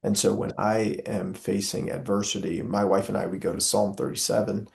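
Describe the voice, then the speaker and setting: With a lowish, creaky voice of darkish tone and little pitch movement, this young Southern American man talks at a moderate pace as an interview guest. His delivery is earnest and preacherly, with frequent "uh"s.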